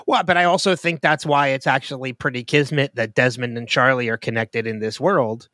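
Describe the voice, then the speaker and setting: A man co-hosting a podcast, talking through a TV episode in casual chat, openly emotional and quick to restart his sentences. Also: medium pitch, steady tone, bright, forceful tone, no room sound. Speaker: podcast co-host. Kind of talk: casual TV show discussion.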